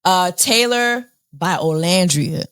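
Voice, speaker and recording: A woman recaps a dating show in a loose, sassy way, her voice leaping high when excited and sinking low when fed up. She speaks slowly and takes her time. The sound is dry and close, with no room in it. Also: clear, resonant tone, dry recording. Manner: animated, sassy, swings from high squeals to low weary drawl. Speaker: reality show recap host. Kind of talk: casual recap commentary.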